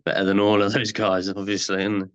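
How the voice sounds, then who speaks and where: A man, a podcast guest in casual chat who talks haltingly with many fillers. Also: lowish voice, monotone, dull audio.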